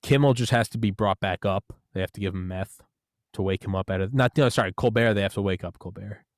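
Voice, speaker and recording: A young man in casual comedic chat, rambling through jokes and bursting into loud shouted impressions. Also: on the low side, fast talker, no echo, clean studio sound.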